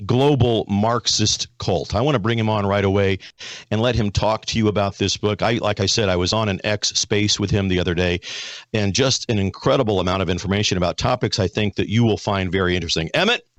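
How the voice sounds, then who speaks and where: Folksy low-voiced American talk show host. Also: male voice, moderate pace, no echo. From United States. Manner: folksy, repeats words, many restarts. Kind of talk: conservative talk show hosting and ad reads.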